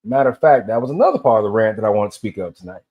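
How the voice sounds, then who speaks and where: A man's voice: on the low side, expressive, racing, lo-fi sound. A man in his fifties from Tennessee, rambling through a solo rant and telling loose stories that drift between tangents. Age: 50s. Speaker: vlogger.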